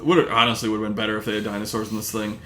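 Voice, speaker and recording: A man's voice: fairly low pitch, monotone, rapid-fire, bright, forceful tone, slight background noise. A man hosting a podcast in casual chat, rambling through a movie recap with lots of fillers. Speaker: podcast host.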